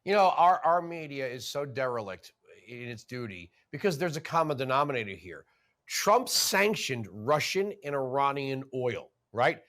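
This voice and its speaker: A man hosting a political talk show, asking questions in an animated, sarcastic way. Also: mid-range voice, moderate pace.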